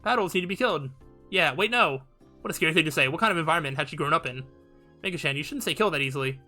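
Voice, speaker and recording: A man's voice: a little high, lively intonation, rapid-fire, pushed and bright, faint music behind. A man hosting a let's play, reading the story aloud in a casual, hesitant way. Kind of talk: reading a visual novel aloud.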